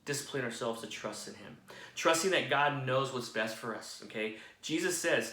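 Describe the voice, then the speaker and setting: An earnest man delivers a devotional sermon in a steady mid-range voice. He checks in with his listeners again and again. A roomy echo surrounds his speech. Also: mid-range voice, moderate pace. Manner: earnest, repeats "okay?" to check in. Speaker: devotional speaker.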